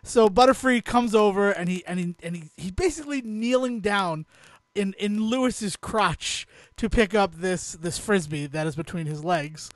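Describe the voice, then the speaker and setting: High-voiced man laughing through a story. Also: normal speed, dry recording. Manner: laughs through his stories, swears freely. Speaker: podcast co-host. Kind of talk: casual chat, storytelling.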